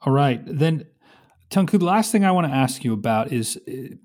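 A man interviewing a guest, asking direct and brisk questions. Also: medium pitch, animated, a little mellow.

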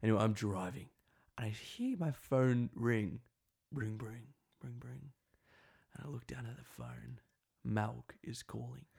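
Young man, gravelly creaky tone, mid pitch, playful and teasing, casual podcast storytelling. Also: expressive, moderate pace, darkish tone. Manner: playful, teasing, mock-suspenseful narration. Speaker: podcast co-host.

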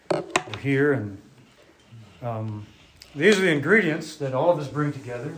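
A man giving a sermon to a congregation, unhurried and conversational, thinking aloud with restarts while drawing on a board. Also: a little high. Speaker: preacher.

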